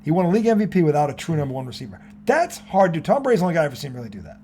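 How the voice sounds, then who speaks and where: A man co-hosting a casual sports talk show, animated and profane, laughing often. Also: a little high, racing, slight background noise.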